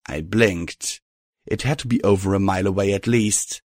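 A man narrating a first-person fan fiction story in a steady audiobook reading. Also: deep voice, moderate pace, dry recording, clean studio sound.

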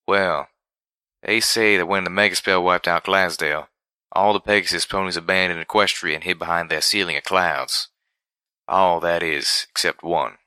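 A folksy young pegasus stallion, voiced by a man for a storybook. He speaks low with a bright, sharp edge, stretching his words in an easygoing country way. The reading is dry and close. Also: steady tone, normal speed, clean tone, dry recording. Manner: folksy country talk, drawn out. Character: young male pegasus pony, folksy and boastful.

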